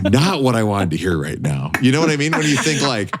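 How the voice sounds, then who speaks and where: A man's voice: on the low side, very animated, moderate pace, a bit bright. A man in his twenties, a podcast co-host, telling a long story in a casual, self-mocking way with plenty of swearing. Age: 20s.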